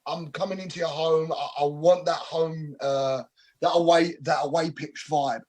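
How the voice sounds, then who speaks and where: A man's voice: fairly high pitch, steady tone, moderate pace, darkish tone. A man answering interview questions casually, cocky and joking, with slangy talk. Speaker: wrestler, interview guest. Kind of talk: casual press call answers.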